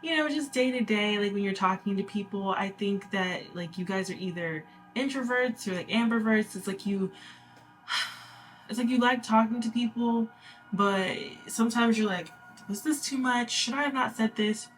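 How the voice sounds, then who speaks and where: A woman's voice: medium pitch, normal speed, faint music behind. A woman giving a casual spoken card reading to her viewers, chatty and reassuring, full of fillers and small laughs. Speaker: tarot reader.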